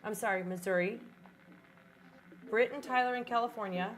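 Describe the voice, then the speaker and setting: A woman from Iowa, a paranormal investigator reacting excitably on a live ghost-hunting stream. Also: mid-range voice, a little hiss or hum, low-quality recording. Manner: excitable, quick reactions, exclamatory.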